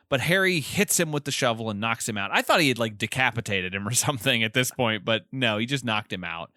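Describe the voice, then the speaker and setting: A man's voice: medium pitch, bright, forceful tone, no room sound, studio quality. A man co-hosting a podcast, casually recapping a film's plot with amused laughs. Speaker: podcast co-host. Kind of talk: casual film recap chat.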